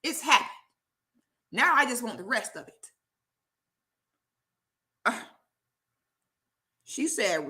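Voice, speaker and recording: Emphatic, lively woman vlogger. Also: fairly high pitch, takes it slowly, pauses often. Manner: emphatic and preachy, keeps asking "okay?". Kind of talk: commentary vlog.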